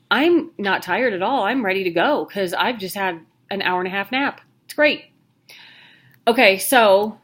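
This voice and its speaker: A woman's voice: medium pitch, fairly bright tone. A woman in her thirties, talking casually to the camera in a candid, chatty way with jokey asides, sounding worn out. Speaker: vlogger sharing her health news.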